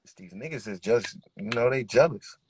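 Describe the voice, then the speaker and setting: Speaking at a normal pace, this young rapper from California's Bay Area recounts his story in a candid interview with emphatic, street-smart conviction. His medium-pitched, darkish voice has lively intonation, with slight background noise.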